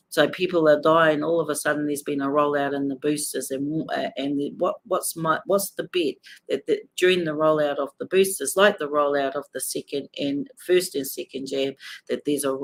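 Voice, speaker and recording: A woman's voice: sits low, vocal fry, fairly bright tone. A middle-aged woman with a New Zealand accent, talking emotionally and angrily to viewers on a live stream from a hospital, swearing as she talks to them. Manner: angry, swearing, addressing viewers directly. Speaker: livestream host.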